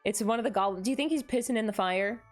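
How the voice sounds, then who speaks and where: A woman streamer chatting casually on a live stream, gushing and excitable, often gasping in delight. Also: fairly high pitch, fast, soft background music. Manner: gushing and excitable, frequent gasps.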